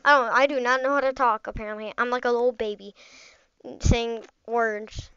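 Woman, gaming host, high bright voice, excitable rambling play-by-play, dry close sound. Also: moderate pace, clean tone, dry recording, dull audio. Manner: excitable, chatty, rambling with frequent "like" and "bro". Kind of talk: live gameplay commentary.

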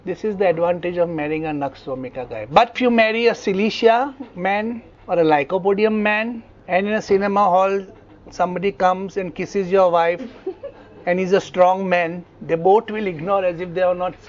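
A man's voice: sits high, normal speed, highs cut off. A man with an Indian English accent giving a classroom lecture, telling vivid stories and often checking that students follow. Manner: animated storytelling, frequent check-ins with students. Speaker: homeopathy lecturer.

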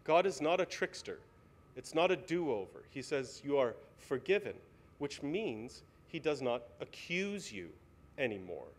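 A man's voice: mid-range voice, very animated, a little slow. A male pastor preaching a sermon in a church, earnest and pleading, asking the congregation many questions. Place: church sanctuary.

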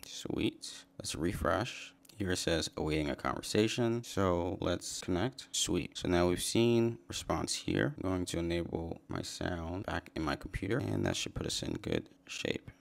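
Brief: deep, gravelly-voiced man, easygoing and upbeat, talking through a coding demo. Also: measured pace, hardly any pauses. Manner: relaxed, upbeat, says "sweet" and "awesome". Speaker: software developer giving a coding tutorial. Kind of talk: casual screen-share walkthrough.

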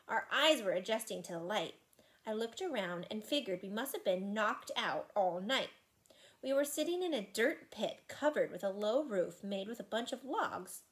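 A woman teacher reading a children's chapter book aloud to her class with expressive storytelling. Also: on the high side.

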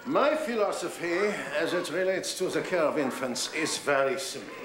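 A man's voice: a little high, animated, normal speed, reverberant, background noise, close to an everyday voice. An actor playing a pompous film actor who declaims his lines grandly. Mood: declaiming.

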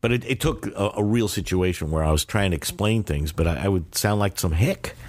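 An older man talks in a very deep voice. He is a guest in a casual interview and tells loose, wandering stories. He often restarts his sentences as he goes. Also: brisk. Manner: rambling anecdotal storyteller with many restarts. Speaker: guest, Chinese teacher.

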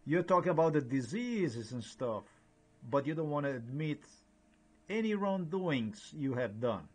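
A man slowly recounting a conversation with a neighbor, halting and repeating himself as he goes. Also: fairly high pitch, sing-song. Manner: repetitive, halting retelling with many restarts.

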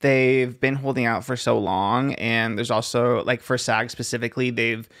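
A man, a podcast guest, explaining at length in relaxed casual chat with fillers. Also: medium pitch, moderate pace.

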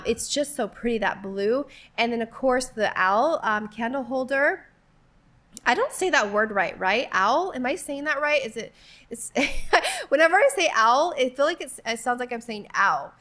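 Forties woman vlogger, high-ish voice, chatty, giggly, rambling in-store walk-through. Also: fairly bright tone. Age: 40s. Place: inside a retail store.

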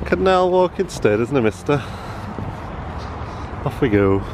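Medium-pitched and measured, this man's voice turns sing-song as he talks to his small child during a casual home vlog. The handheld camera gives noisy sound, first with appliances humming in the kitchen, then with outdoor and traffic noise beside a canal.

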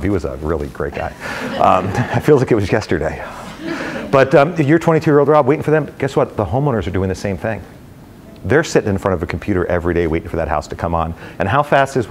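A middle-aged man talking casually to a live audience of brokers, an energetic, rambling storyteller with many fillers. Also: fairly low pitch. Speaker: real estate executive speaking to brokers. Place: company headquarters event space.

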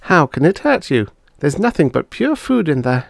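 A man's voice: a little high, sing-song, moderate pace, creaky, no room sound, clean studio sound, pitched above the performer's own voice. A man voicing a bossy young boy who plays scientist and talks in a blunt, dismissive way.

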